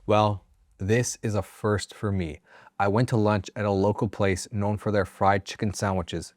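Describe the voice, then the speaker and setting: Low-voiced man reading stories casually. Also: level tone, unhurried, no room sound, studio quality. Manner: casual, swears freely, jokey asides. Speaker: story narrator and channel host.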